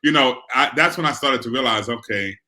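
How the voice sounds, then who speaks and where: A man with a South Bronx New York accent, hosting a casual interview and telling stories in an animated way. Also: mid-range voice, brisk. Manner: animated, storytelling.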